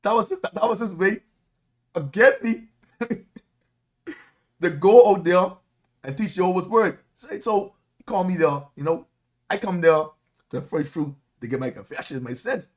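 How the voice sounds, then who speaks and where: A man with a Caribbean accent, a deacon preaching a sermon in an animated, repetitive way, often laughing as he talks. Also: sits high, normal speed, long pauses.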